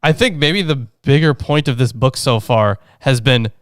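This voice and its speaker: A man's voice: medium pitch, normal speed, clean tone, no room sound, clean studio sound. A man co-hosting a casual podcast, reading scholarly commentary and cracking profane jokes. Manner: joking, profane asides, reads scholarly notes. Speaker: podcast co-host.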